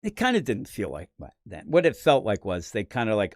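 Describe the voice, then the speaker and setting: A man's voice: fairly low pitch, moderate pace, hardly any pauses, dry recording, clean studio sound. A man from the Philadelphia area hosting a comics podcast, giving a rambling, opinionated preview of the week's comics. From Philadelphia area, USA. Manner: rambling, opinionated, animated asides. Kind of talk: casual comic book preview commentary.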